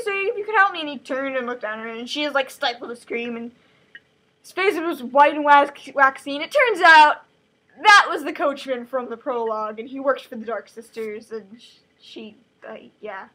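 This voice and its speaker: A woman's voice: high voice, bright, forceful tone, low-quality recording. A woman casually summarizing a novel chapter, chatty and full of "like" fillers. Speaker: host reading a novel aloud. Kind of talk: casual book summary with asides.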